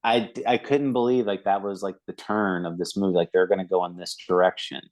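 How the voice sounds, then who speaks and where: A man's voice: sits low, fairly even intonation, fairly quick, a little mellow, rough recording. A man co-hosting a movie review podcast, talking casually with many fillers and acting out quoted lines. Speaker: podcast co-host.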